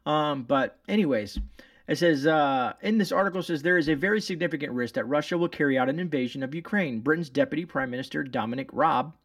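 A man with a somewhat high voice comments on the day's news and reads it aloud, rambling and sarcastic, often stopping and restarting his sentences. The sound is dry and close, but he sits a little back from the mic. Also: fast, no room sound, far from the mic. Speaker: channel host.

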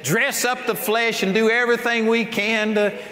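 A man's voice: very high voice, fairly even intonation, moderate pace, sharp tone. An older man preaching a sermon in an emphatic, folksy way, often laughing as he talks. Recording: long hall reverb, faint ambient noise.

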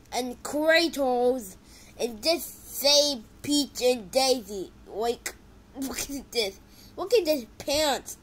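A woman giving casual reaction commentary to videos, excitable and exclaiming, swinging from loud outbursts to low mumbling. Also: a little hiss or hum, rough recording.

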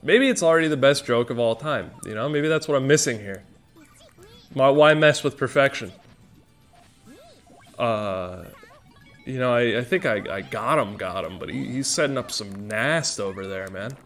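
A man's voice: mid-range voice, lively intonation, moderate pace, fairly bright tone, soft background music. A man giving rambling, joking commentary as he plays a video game stream. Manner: rambling, self-joking, exclamatory. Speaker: gaming streamer. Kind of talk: casual gameplay commentary.

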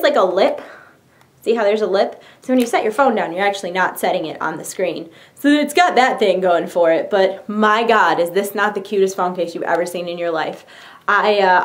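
Bubbly young woman vlogger, slightly high voice, gushing casual show-and-tell. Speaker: YouTuber.

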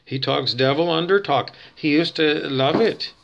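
A man's voice: a little high, measured pace, gravelly, a bit bright, lo-fi sound. A man hosting a talk show, rambling and digressing as he thinks aloud, with many fillers and restarts. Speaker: show host. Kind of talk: rambling casual monologue.

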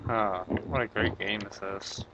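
A young man co-hosting a casual let's play, excitable and quick to panic when the game turns tense. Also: on the low side, dull audio, slight background noise. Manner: excitable, panicky under pressure. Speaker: gaming co-host.

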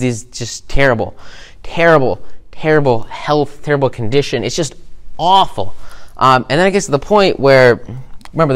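Rambling man with a smooth voice. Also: mid-range voice. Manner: loose and rambling, full of fillers. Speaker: business coach. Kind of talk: casual teaching through storytelling.

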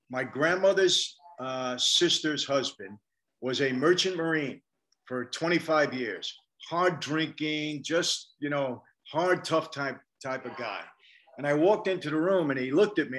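A man's voice: fairly high pitch, fairly bright tone. An older man, a guest on an interview show, reflecting candidly and telling stories from his life with frequent restarts. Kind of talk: storytelling interview.

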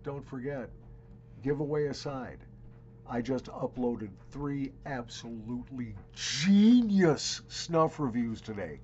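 This channel host is a middle-aged man speaking at a slow pace with a medium-pitched voice. He's announcing a giveaway from his home basement in a chatty, wry manner punctuated by emphatic asides, captured in lo-fi sound.

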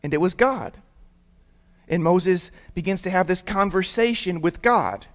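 Young male youth pastor with a high voice, chatty and interactive, leads call-and-response. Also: a little slow. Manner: lively, prompts the audience to repeat words; conversational storytelling with casual fillers. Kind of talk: interactive sermon for young people.

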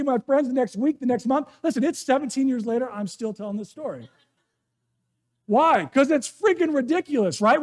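A middle-aged man preaching in a church, with a fairly high voice that leaps up and down as he tells stories. He talks casually and keeps putting questions to the congregation. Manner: animated, conversational, asks the audience questions. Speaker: pastor. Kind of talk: sermon with storytelling. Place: church sanctuary.

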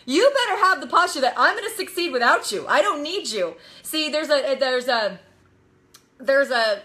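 Bright, high-voiced energetic woman coach. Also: normal speed. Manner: energetic, emphatic, acts out quotes with laughter. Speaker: network marketing coach. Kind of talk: live motivational talk.

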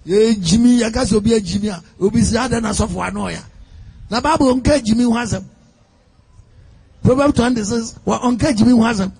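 A man's voice: extremely high pitch, brisk, darkish tone, slightly rough. A man with a Ghanaian accent preaching a sermon, emphatic, mixing in English phrases and sometimes half-singing his lines.

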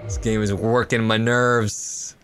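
A man's voice: on the low side, level tone, slow, a bit bright, faint music behind. A man streaming a video game live, talking to his chat, often frustrated and swearing. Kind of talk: live gameplay stream commentary.

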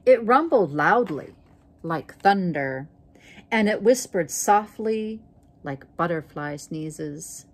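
A woman reads a picture book aloud at a slow, unhurried pace. Her voice sits on the lower side and she shapes each line expressively. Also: expressive. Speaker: storybook reader.

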